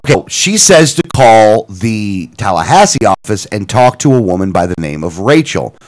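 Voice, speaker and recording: A man co-hosting a radio talk show, telling a story in a casual, animated way, acting out both sides of a phone call. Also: fairly low pitch, moderate pace. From Florida. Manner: animated, retelling phone calls with quoted dialogue and self-corrections.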